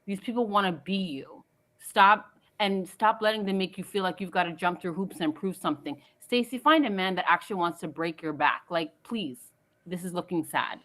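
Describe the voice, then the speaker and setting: A woman's voice: on the low side, moderate pace, sharp tone. A woman calling in to a recap show, fired up and scolding as she hands out advice. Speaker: caller. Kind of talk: opinionated call-in commentary.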